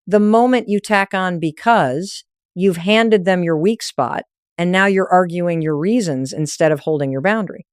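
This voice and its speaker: Female motivational narrator, lower register, firm coaching delivery, short punchy lines, dry close sound. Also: moderate pace, clear, resonant tone, no echo.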